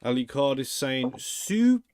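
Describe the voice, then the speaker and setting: A man's voice: medium pitch, big pitch swings, a little slow, darkish tone, clear, resonant tone, no room sound. A man hosting a casual livestream chat, playful and teasing, laughing often. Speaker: livestream host.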